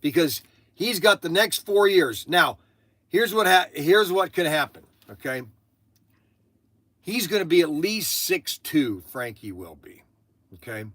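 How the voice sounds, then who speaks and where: An older man hosting a livestream, telling a family story in a halting, rambling way full of restarts and asides. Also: fairly high pitch, expressive, fairly bright tone, no room sound. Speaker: livestream host.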